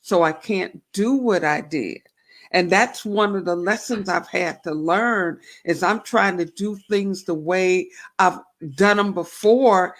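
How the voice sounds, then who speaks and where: A woman's voice: on the low side, slow pace. A woman hosting a faith-based talk show, reflecting aloud and asking herself questions. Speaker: show host.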